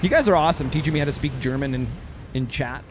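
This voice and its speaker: A man's voice: medium pitch, quick pace, background noise. A man hosting a gaming livestream, chatting casually and playfully sounding out words as he commentates.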